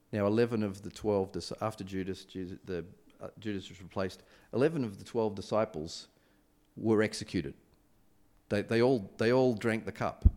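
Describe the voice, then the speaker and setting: Male preacher, lowish voice, chatty sermon delivery, lots of ums and restarts. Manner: conversational, animated retelling with many fillers and restarts.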